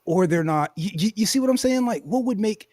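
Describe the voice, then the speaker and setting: A man telling a long, animated story in a casual chat, often laughing and saying "bro.". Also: high-pitched, a little fast, no room sound, studio quality. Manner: animated, laughs often, says "bro" and "you know what I'm saying". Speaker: podcast host.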